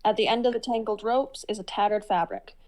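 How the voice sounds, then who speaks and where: A woman narrating a tabletop role-playing game as game master, descriptive and halting with fillers. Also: medium pitch, darkish tone, low-quality recording.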